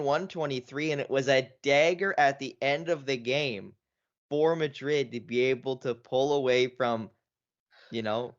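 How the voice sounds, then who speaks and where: A man co-hosting a sports podcast, talking in a loose, rambling way and often restarting his sentences. His voice sits at an ordinary middle pitch. The recording sounds dull and lo-fi. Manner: rambling, lots of "you know" and restarts. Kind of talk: casual sports chat.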